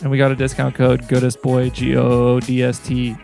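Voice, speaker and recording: A man's voice: medium pitch, completely flat delivery, moderate pace, vocal fry, dark tone, soft background music. A man hosting a podcast, doing a loose, joking sponsor read full of slang. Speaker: podcast host reading a sponsor spot.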